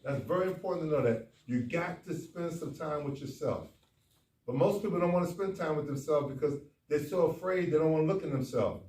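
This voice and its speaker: A man's voice: fairly high pitch, brisk. Folksy man speaking in an echoey hall. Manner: folksy, animated, talks straight to the audience. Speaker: doctor speaking at a men's conference. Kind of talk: conference talk. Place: conference room. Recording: echoey hall, far from the mic, faint noise.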